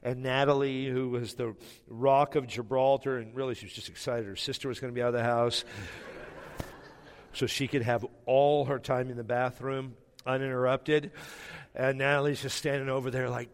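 A man's voice: medium pitch, steady tone, moderate pace, long reverb tail. A man preaching a sermon, telling a personal story with self-mocking humor and emotion. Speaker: pastor.

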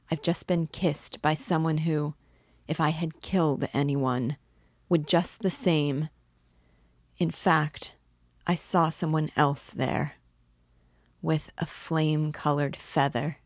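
A woman reading the lines of a feverish, weak young man who speaks in halting, distraught confessions. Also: low-pitched, fairly even intonation, no room sound, clean studio sound. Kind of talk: audiobook character reading.

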